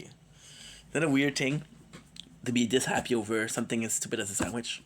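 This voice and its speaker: A man's voice: medium pitch, animated, a little fast, pauses often, slight background noise. A tired man with a cold who streams, chatting casually and rambling with jokes to his viewers. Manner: rambling, joking. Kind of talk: casual live-stream chat.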